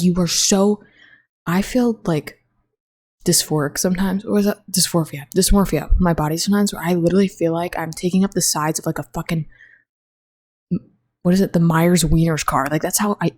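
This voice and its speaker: A young woman with a fairly low, darkish voice hosts a casual solo podcast. She rambles, swears freely, and speaks bluntly.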